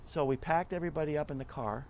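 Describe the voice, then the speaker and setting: A middle-aged man, a nonprofit club leader, giving a casual interview and telling stories in a lively way, often acting out what people said. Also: a little high, quick pace, slight background noise. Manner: chatty, animated storyteller who acts out quotes.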